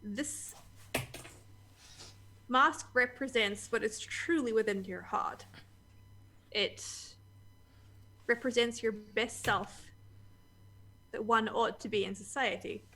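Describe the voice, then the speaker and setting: A woman's voice: a little high, slow pace, pauses often, sharp tone, heavily acted. A woman voicing an ancient, haughty mask maker who speaks formally and with disdain. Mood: lofty.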